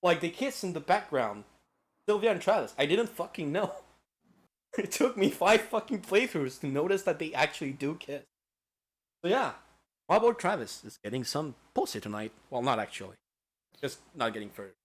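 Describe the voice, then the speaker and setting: A man's voice: fairly high pitch, big pitch swings, normal speed. A man streaming a casual lecture-style game recap, rambling and profane with lots of filler words.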